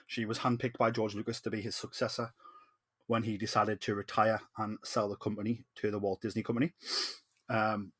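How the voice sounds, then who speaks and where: Fairly low-pitched and husky, with a slightly bright tone, this Geordie man talks briskly with little pitch movement. He's a podcast host from Newcastle, northeast England, chatting casually and enthusiastically with many ums from his home setup there.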